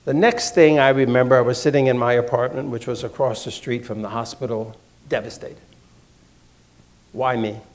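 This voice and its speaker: Man telling his own story, measured. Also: mid-range voice, fairly even intonation. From Washington, D.C. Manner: deliberate, with repeated phrases for emphasis. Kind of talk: measured personal talk to an audience.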